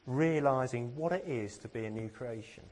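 A man's voice: medium pitch, moderate pace, a little mellow. A man from England giving a sermon, earnest and self-deprecating, with plenty of rhetorical questions. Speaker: preacher.

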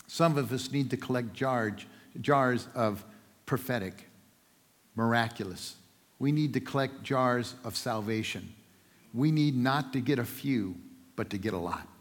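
A man preaching a sermon in a church, telling a story with lively asides, joking and voicing the people in it. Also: medium pitch, measured pace. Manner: lively storytelling with playful asides and voiced characters. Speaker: pastor. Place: church sanctuary. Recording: long hall reverb.

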